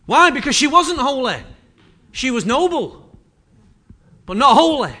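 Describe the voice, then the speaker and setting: A man's voice: very high-pitched, very animated, a little slow, pushed and bright. A man preaching a sermon with impassioned, repetitive delivery that swells and drops in intensity.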